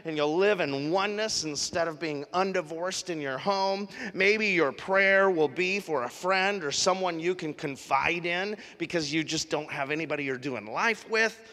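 A man preaching a sermon as pastor, telling stories in a conversational, animated way. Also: on the high side. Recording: live sermon in a reverberant hall.

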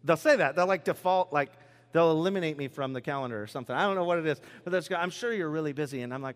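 Male pastor, chatty and joking, slightly raised pitch, echoing sanctuary. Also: racing. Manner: conversational, joking, acts out quoted voices. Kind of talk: sermon. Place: church sanctuary. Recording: preached in a large reverberant hall.

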